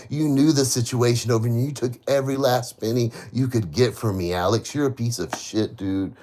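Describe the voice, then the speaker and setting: A man's voice: medium pitch, normal speed, hardly any pauses, warm tone. A man on a live stream, ranting at people he blames, repeating his accusations, swearing heavily and rambling with many restarts. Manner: bitter, accusing, repeats himself. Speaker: livestreamer. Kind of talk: live stream rant to viewers.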